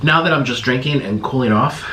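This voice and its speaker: A man's voice: medium pitch, pushed and bright, a little hiss or hum. Man struggling through spicy food, echoey room. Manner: strained, halting talk while suffering from spicy food. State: mouth numb and stinging from spice. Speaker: mukbang host. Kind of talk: casual eating vlog talk to camera.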